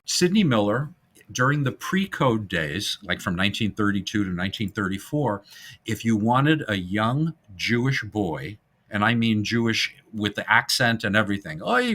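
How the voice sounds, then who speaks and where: A man hosting a casual film-history podcast, animated and jokey, now and then breaking into silly voices. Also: on the low side. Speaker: podcast host.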